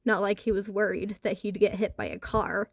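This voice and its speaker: A woman narrating a horror story in a lively, expressive way with a wry edge. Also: medium pitch, moderate pace, vocal fry, no echo, clean studio sound.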